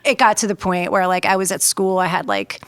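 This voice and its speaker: A woman's voice: fairly low pitch, a little fast, a bit bright, smooth, dry recording, clean studio sound. Candid woman, slight New York accent. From New York, USA. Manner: candid, laughs often, salty language, lots of fillers. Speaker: podcast guest. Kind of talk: casual storytelling interview.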